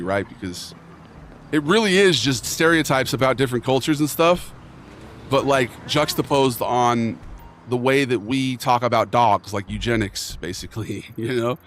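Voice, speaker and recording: A man's voice: mid-range voice, brisk, a little hiss or hum. A man streaming a game, chatting casually in a rambling, joking bro manner with mock earnestness. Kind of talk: casual chat while playing a game.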